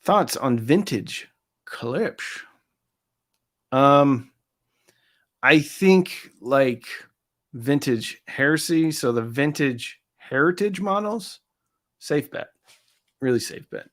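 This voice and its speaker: A man hosting a casual live stream, reading out viewer comments and answering them in a loose, chatty way with lots of fillers and quick asides. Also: medium pitch, expressive, a bit bright.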